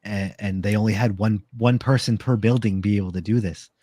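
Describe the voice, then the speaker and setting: A slightly tipsy man chatting on a podcast at a middle pitch, his voice close and dry with no room sound. He rambles, restarts and repeats words as he tells his stories. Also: fairly even intonation, brisk, warm tone, no room sound. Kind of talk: casual podcast chat.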